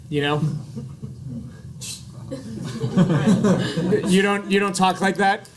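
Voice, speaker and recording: A man's voice: high voice, measured pace, pauses often, a crowd in the background. A man giving a classroom biology lecture in a chatty, casual way, with jokey asides and frequent checks of "right?".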